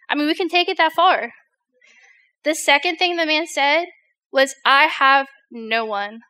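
A young woman gives a laid-back sermon to a youth group, talking in a loose, joking way with lots of filler words. Her voice sits high and sounds crisp and bright. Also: normal speed. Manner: chatty, filler-heavy, jokes with the audience.

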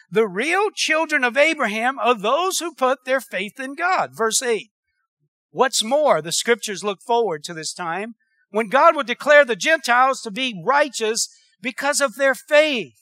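High-voiced preaching man, bright and dry. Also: animated, moderate pace, dry recording. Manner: preacherly, calls for amens, conversational storytelling. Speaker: pastor. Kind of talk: sermon.

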